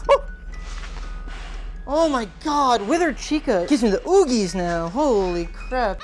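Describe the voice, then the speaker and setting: A woman's voice: a little high, animated, slow, soft background music. A woman hosting a gaming channel, reacting live to a horror game in casual slang, with frequent frightened exclamations and outbursts. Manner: talks to chat, casual slang.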